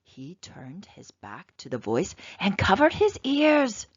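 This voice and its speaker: A woman reading a children's picture book aloud with expressive, dramatic narration. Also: mid-range voice, takes it slowly, husky, dry recording. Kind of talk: storybook read-aloud narration. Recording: slightly dull, dry lo-fi sound.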